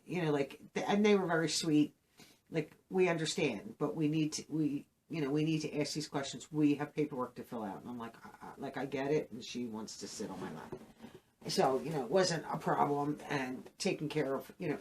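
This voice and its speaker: A middle-aged woman, the host of her own channel, telling a personal story to camera in a halting, emotional way, full of fillers. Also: low voice, slight background noise. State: emotional, saddened.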